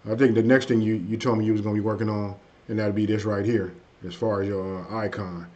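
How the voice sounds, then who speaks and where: Man, low voice, live-stream host, casual rambling chat, a bit tired, dull lo-fi audio. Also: fairly even intonation, quick pace, a little mellow. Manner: loose and conversational, frequent "hey" and "you know what I mean". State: a bit under the weather, low energy. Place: at home.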